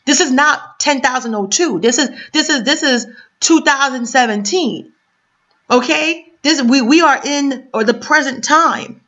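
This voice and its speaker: A woman's voice: sits high, unhurried, a bit bright. A woman from New York City reading a news article aloud on camera and breaking off into impassioned, emphatic commentary full of rhetorical questions. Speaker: commentary vlogger. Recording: dull lo-fi sound.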